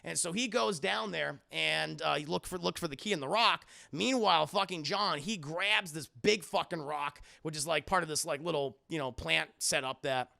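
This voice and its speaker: A man's voice: a little high, normal speed, creaky, hardly any pauses, pushed and bright. A man streaming a live film recap, rambling and profane, often talking to his chat.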